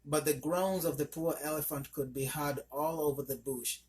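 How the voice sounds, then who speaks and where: Male storyteller with a fairly high voice. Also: normal speed, slight background noise. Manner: steady reading with small slips. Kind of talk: scripted narration of a folk tale.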